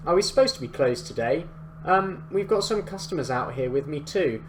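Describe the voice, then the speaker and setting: A man's voice: fairly high pitch, expressive, normal speed, a little hiss or hum, close to an everyday voice. A man voicing a nervous, apologetic young male shop worker, talking in a fretful rush. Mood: anxious. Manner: anxious, fretful.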